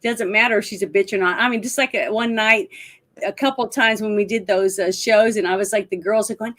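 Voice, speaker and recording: A woman's voice: mid-range voice, steady tone, fairly quick, a bit bright. A woman co-hosting a casual talk show, retelling film scenes with lots of laughter. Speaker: podcast co-host. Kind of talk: casual chat about a film.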